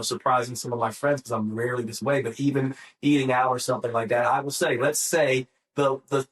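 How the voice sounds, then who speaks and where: A man co-hosting a podcast, speaking at an ordinary middle pitch. He talks casually in a rambling way, with many fillers and restarts. His tone is plain and conversational. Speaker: podcast co-host.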